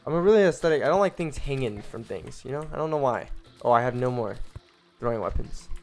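A young man giving casual, rambling commentary as he streams a video game, breaking into excited exclamations and cutting himself off mid-sentence. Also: medium pitch, fast talker. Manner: chatty and rambling, with excited exclamations and self-interruptions. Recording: faint game music behind.

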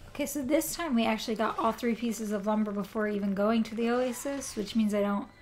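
A woman's voice: on the high side, fairly quick, a little mellow. A young woman chatting to herself as she plays a video game on a live stream. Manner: chatty, talks to herself while playing. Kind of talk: live-stream gameplay commentary.

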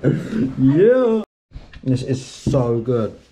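A man's voice: mid-range voice, sing-song, very slow, mellow, slight background noise. A man with an Essex accent who runs a second-hand shop, chatting casually and slangily in a vlog, easily impressed. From Essex, England.

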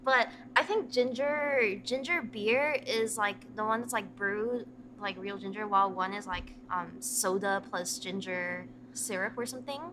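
A woman's voice: mid-range voice, fairly even intonation, measured pace, background noise. A woman guest on a stream in casual chat, hedging her answers, poking fun at herself and laughing easily.

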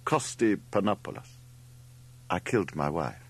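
A man voicing a calm, charming island fisherman who talks in a casual, easygoing way. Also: low voice, moderate pace, breathy edge, exaggerated voice.

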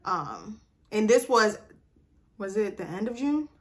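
A young adult woman telling a personal story to camera in a casual, animated vlog chat. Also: medium pitch, measured pace. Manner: chatty, animated, addresses viewers. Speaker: vlogger.

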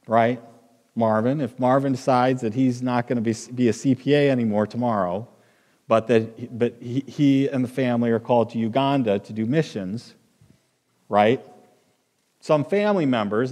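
Pastor preaching in a reverberant hall. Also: male voice, mid-range voice, darkish tone. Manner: conversational, halting with fillers and restarts. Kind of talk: sermon. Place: church sanctuary with long reverb.

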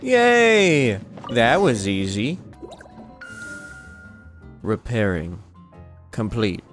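A man's voice: mid-range voice, huge pitch swings, extremely slow, fairly bright tone, soft background music. A man hosting a gaming channel, giving playful, jokey let's-play commentary.

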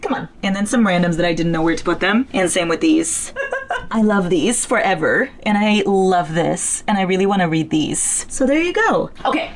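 A young woman with a fairly low voice talks casually through her bookshelf at home. She is chatty and pokes fun at herself, now and then jumping into high excited squeals, and drifts nearer to and farther from the camera mic. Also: moderate pace. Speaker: book vlogger. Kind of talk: casual bookshelf tour chat.

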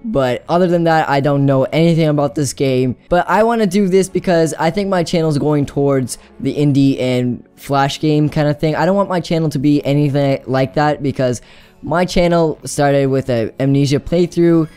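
A man's voice: a little high, normal speed, a little mellow, smooth, faint music behind. A young man chatting casually and rambling through a game playthrough, giggling often. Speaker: gaming YouTuber. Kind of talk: let's play commentary.

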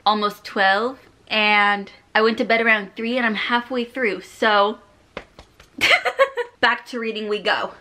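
Woman vlogger reacting to her reading, giggly and effusive, drawn-out delivery with a bright voice. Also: fairly high pitch. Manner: giggly and gushing, laughs often; heavy use of "like" fillers. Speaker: book vlogger. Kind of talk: casual reading vlog.

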